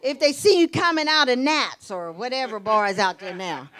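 A middle-aged woman preaching a sermon, telling stories lively with laughter and sudden rising exclamations. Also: on the high side, normal speed. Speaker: pastor.

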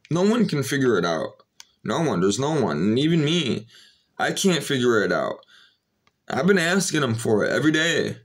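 A man speaking off the cuff to his online audience at a middle pitch. His delivery is earnest and low-key. It wanders, with constant fillers and repeated restarts as he thinks aloud. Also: big pitch swings, normal speed. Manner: rambling, full of "you know" fillers and restarts. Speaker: vlogger. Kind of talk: casual spoken monologue to viewers.

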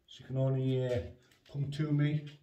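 A man talks through his dog training in a loose, rambling way, full of fillers. His voice sounds mellow and a bit dark. It is recorded on a phone set down away from him in a roomy hallway, with a faint hiss behind. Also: medium pitch, little pitch movement, a little slow, distant mic. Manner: plain, rambling, lots of fillers, short firm commands to the dog. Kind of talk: casual training demonstration. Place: indoors in a house hallway. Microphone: phone on the stairs, away from him.

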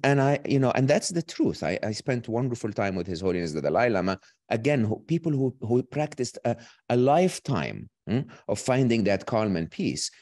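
A man speaking as a guest who explains ideas in an animated way and often checks in with "okay?" and "right?". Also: mid-range voice, dry recording, studio quality. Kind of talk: explaining ideas in an online talk.

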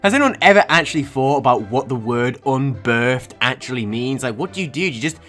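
A man's voice: medium pitch, animated, a little fast, bright, forceful tone, faint music behind. A young man hosting a comedic reaction video, incredulous and sarcastic, breaking into laughter often. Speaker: YouTube reaction host.

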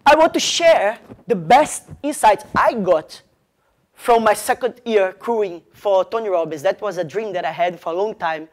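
A man from Brazil speaks English with a Brazilian Portuguese accent as a motivational speaker. He tells a story to a live audience in an animated way, chaining events with "and then" and acting out the dialogue. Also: sits high, moderate pace.

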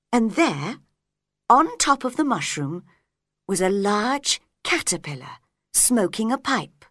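Slow, careful woman storyteller. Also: mid-range voice, fairly bright tone, no room sound, clean studio sound. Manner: clear and careful. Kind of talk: slow story reading for English learners.

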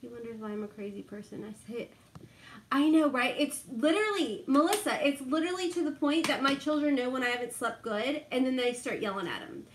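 A woman's voice: sits high, brisk, reverberant, slight background noise. A middle-aged woman, chatting casually and laughing a lot with live viewers while doing her makeup. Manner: chatty, laughs often, reads out viewer names.

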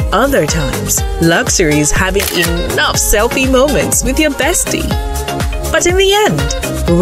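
Woman with a lilting ad voice-over. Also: mid-range voice. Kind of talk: scripted ad narration. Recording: music bed underneath.

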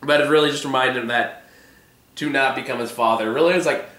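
A man's voice: mid-range voice, fairly quick, fairly bright tone, roomy sound. A man whose voice is giving out, hosting a casual discussion of a TV episode with lots of fillers and swearing. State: hoarse, voice giving out. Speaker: vlog host.

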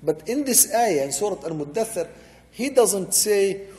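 Speaking a little slowly, with a high, animated and somewhat mellow voice, a sheikh explains the Quran in a religious lecture. He recites short Arabic verses, then unpacks them in English, repeating key points for emphasis, and his voice carries a long hall reverb.

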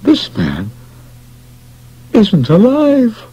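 A man voicing a professional hospital doctor who speaks in a measured way, in an audiobook. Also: medium pitch, wildly swooping pitch, a little mellow, breathy edge, dull audio, pitched above the performer's own voice, heavily acted. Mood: strained. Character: professional male hospital doctor, calm then shaken. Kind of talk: audiobook character voice.

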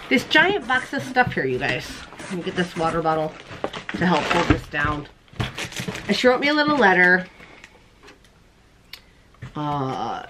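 A woman hosting a crochet show, chatting casually to the camera in a bubbly way, laughing often and putting on silly squeaky voices. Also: background noise. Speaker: crochet podcast host.

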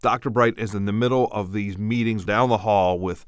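A man's voice: fairly low pitch, moderate pace, clean tone, no room sound. An older man, a podcast co-host, telling a personal story in casual chat and acting out the quotes. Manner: animated anecdotal storyteller, acts out quotes.

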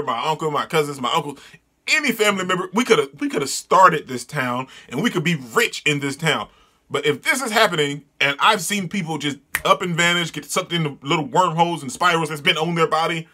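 A man reading a comic aloud and reacting with excited, disgusted exclamations and yelling. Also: a little high. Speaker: manga reader and reviewer.

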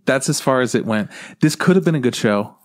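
A man co-hosting a podcast talks casually about a show. He is blunt and sardonic and swears now and then. His voice sits at a middle pitch. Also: animated, fairly quick. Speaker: podcast co-host. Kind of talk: casual chat.

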